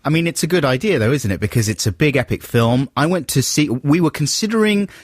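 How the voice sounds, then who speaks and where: A man's voice: fairly high pitch, expressive, quick pace, no echo. A man co-hosting a casual radio show, playful and whimsical and prone to silly tangents, in a studio. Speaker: radio co-host.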